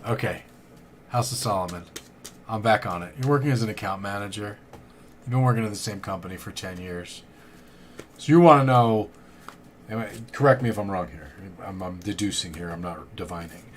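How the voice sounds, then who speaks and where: A man's voice: lowish voice, a little fast, slight background noise. A man streaming tarot readings live, chatting casually, rambling and thanking viewers by name. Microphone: studio condenser mic.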